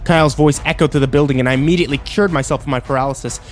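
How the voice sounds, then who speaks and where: A man telling a harrowing story in first person, his delivery tense and emotional. His pitch sits in an ordinary middle range, with faint music behind him. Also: steady tone, racing. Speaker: narrator.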